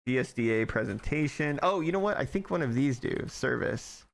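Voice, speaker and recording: A young man live-streaming as he codes, talking casually to his chat, laughing often and thinking out loud with restarts. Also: mid-range voice, expressive, normal speed, creaky.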